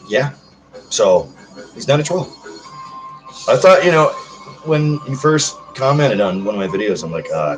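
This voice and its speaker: A man's voice: medium pitch, rough recording. Chatty man in his thirties on a livestream. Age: 30s. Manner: chatty, rambling, self-joking. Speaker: livestream host. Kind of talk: casual livestream chat reading comments.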